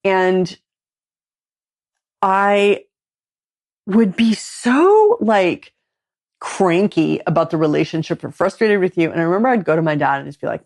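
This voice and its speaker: Woman podcast host, low voice, candid confessional storyteller. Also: animated, normal speed, long pauses, a little mellow. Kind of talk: casual conversation.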